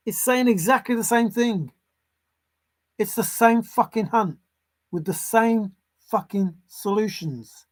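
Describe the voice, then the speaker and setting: A man's voice: high-pitched, slow, long pauses. Man, vlogger, solo commentary, sarcastic, exasperated, swears, repetitive. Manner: repeats phrases for emphasis. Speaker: treasure-hunt vlogger.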